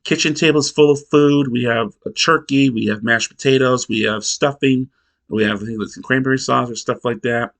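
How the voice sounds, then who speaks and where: A man's voice: medium pitch, fairly even intonation, fairly bright tone. A male reviewer recaps a sitcom in a loose, casual voice. He rambles, halts and restarts sentences as he goes. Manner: rambling, halting, restarts a lot. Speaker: TV episode reviewer.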